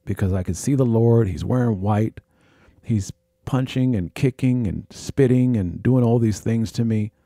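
A man hosting a podcast, recounting his own experiences in a halting, repetitive, earnest monologue. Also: medium pitch, mellow, dry recording, studio quality. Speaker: podcast host. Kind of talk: personal storytelling monologue.

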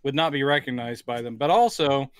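A man's voice: medium pitch, a little fast, smooth, no room sound. A man co-hosting a casual film-review podcast, wry and playful as he retells scenes. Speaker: podcast co-host.

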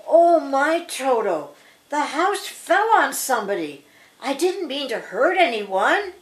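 Woman doing a storybook little girl, earnest, higher voice. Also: sing-song, slow, full character voice. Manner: earnest, exclaiming. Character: young girl, brave and kind.

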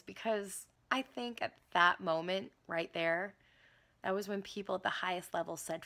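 Animated sardonic woman monologuist. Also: mid-range voice, moderate pace, creaky. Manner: sardonic and profane, with sudden shouts. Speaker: monologue performer. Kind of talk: satirical political monologue.

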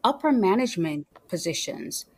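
A middle-aged woman from Jamaica with a Jamaican accent, telling her story as an interview guest in an animated, storytelling way. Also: medium pitch, moderate pace, breathy edge. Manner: animated storyteller, acts out quoted dialogue. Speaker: guest entrepreneur.

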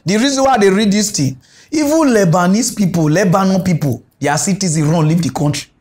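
A man's voice: high voice, a little fast, darkish tone. A man with a Nigerian Pidgin accent hosting a comic mock news show, rambling and teasing as he mixes Pidgin and English. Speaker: comedy show host.

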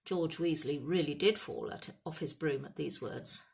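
Breathy woman reading a storybook aloud. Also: deep voice, moderate pace, a little mellow. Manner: reads aloud, does character voices. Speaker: reader. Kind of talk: audiobook reading.

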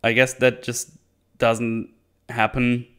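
Rambling man recapping a movie, smooth voice. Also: mid-range voice, completely flat delivery, slow pace, a bit bright. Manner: rambling, laughs often, many restarts. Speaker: podcast host reviewing a movie. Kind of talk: casual solo movie recap.

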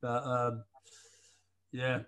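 A man's voice: medium pitch, completely flat delivery, very slow, a bit bright, clear, resonant tone. A man hosting a podcast interview, chatting casually and offering short encouraging replies. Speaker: podcast host.

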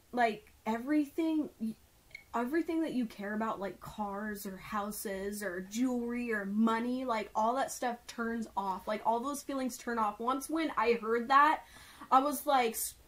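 A young woman with a fairly high voice tells a story in a loose, casual way. She leans on "like" in almost every phrase and sounds earnest and worked up. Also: a little slow. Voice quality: filler-heavy, says "like" constantly. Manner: excited and earnest retelling.

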